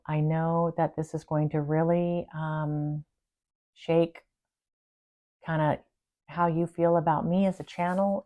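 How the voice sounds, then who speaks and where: A woman's voice: fairly low pitch, mellow. A woman spiritual channeler talking to her viewers in an earnest, confiding and rambling way. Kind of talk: casual personal monologue to viewers.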